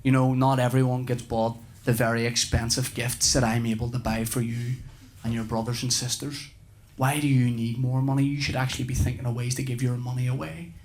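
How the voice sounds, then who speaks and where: A man's voice: mid-range voice, little pitch movement, fairly quick, voice pushed down, natural voice. A man voicing a pompous, self-righteous father lecturing his son. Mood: preachy. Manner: preachy and sanctimonious. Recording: noisy live recording.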